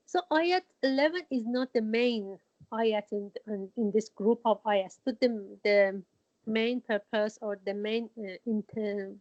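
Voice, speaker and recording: Woman teaching slowly with halting restarts. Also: a little high, a little mellow. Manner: halting, with frequent restarts and Arabic quotations. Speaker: Quran teacher. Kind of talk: informal religious lesson. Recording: dull lo-fi recording.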